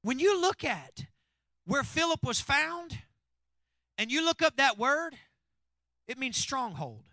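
A man's voice: very high-pitched, sing-song, takes it slowly, sharp tone, dry recording. A male pastor preaching a sermon, calling out to the congregation. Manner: preachy call-and-response with congregation.

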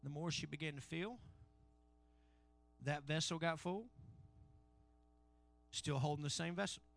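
Preaching in call-and-response fashion, this male pastor moves a bit slowly with vocal fry, alternating between booming shouts and quiet murmurs.

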